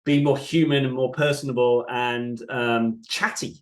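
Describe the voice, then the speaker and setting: A man's voice: medium pitch, steady tone, normal speed. A man as a podcast guest, talking casually and reflectively, now and then mimicking how other people speak. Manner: reflective, sometimes mimics voices while making a point.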